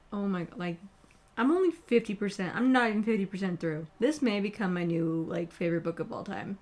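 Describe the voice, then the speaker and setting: A woman's voice: medium pitch, animated, brisk, darkish tone. Chatty, rambling woman vlogger. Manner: rambling, emotional, heavy use of "like". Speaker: book vlogger. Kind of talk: casual chat.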